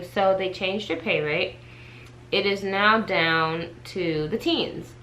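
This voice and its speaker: Bright-voiced woman vlogger telling a story. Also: mid-range voice, slow, slight background noise, poor audio. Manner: chatty, animated storytelling, speaks directly to viewers. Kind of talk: casual storytime chat to camera.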